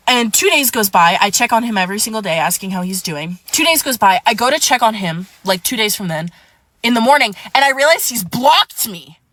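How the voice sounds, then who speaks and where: Bright-voiced woman telling a dramatic storytime. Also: medium pitch. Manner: dramatic, profane, addresses viewers as "divas". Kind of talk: casual storytime.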